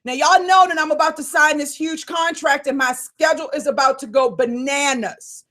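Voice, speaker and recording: High-voiced, fired-up woman coach. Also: normal speed. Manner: fired up, loud, addresses listeners as y'all. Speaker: business coach hosting a live Q&A call. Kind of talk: energetic live call, hyping listeners.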